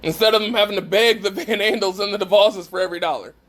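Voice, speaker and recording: A man's voice: sits high, fast talker, a bit bright. A man giving a preaching talk to a live group, emphatic and putting questions straight to his listeners. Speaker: speaker at a faith gathering.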